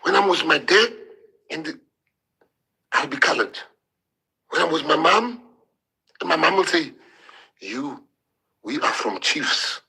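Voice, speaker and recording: Husky, emotional man. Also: on the high side, expressive, bright, forceful tone, poor audio. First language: Afrikaans. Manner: emotional, halting, repeats words. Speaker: politician. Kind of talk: impassioned public address.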